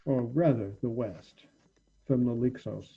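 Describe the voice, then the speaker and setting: A man's voice: mid-range voice, a little slow, creaky, slightly rough, phone-quality sound. A man voicing a shrewd woman ship captain who talks in a wry, guarded way.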